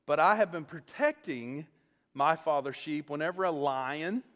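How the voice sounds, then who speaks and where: A preacher voicing a bold young shepherd. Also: male voice, fairly high pitch, lively intonation, measured pace, fairly bright tone, big-room sound. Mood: earnest. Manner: incredulous, earnest.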